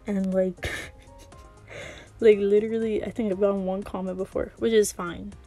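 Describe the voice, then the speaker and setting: A woman gamer rambling in easy, casual chat, often giggling and a little out of breath. Her voice is mellow and soft-edged, with faint game music in the background. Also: medium pitch, flat delivery, measured pace. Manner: says she always sounds out of breath. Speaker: gaming video creator.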